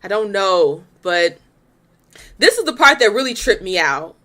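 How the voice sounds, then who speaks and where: A woman's voice: mid-range voice, sing-song, measured pace, a bit bright. A young woman hosting a reaction video, talking bluntly and with exasperation, cursing freely and laughing often while she comments. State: pregnant.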